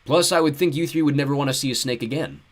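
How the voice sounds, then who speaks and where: A man's voice: medium pitch, fast talker, pitched above the performer's own voice, lightly acted. A man voicing a stern, fussy, officious middle-aged man.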